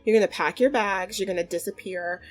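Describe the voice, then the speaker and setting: A woman's voice: medium pitch, a little fast, soft background music, close to an everyday voice, poor audio. A woman voicing a protective, scheming mother who issues blunt threats in a life-sim story. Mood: stern. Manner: threatening, bossy.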